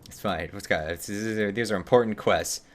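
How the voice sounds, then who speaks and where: A relaxed man talks casually through a game on a live stream, answering viewer chat as he plays. His voice sits fairly low. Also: fairly quick.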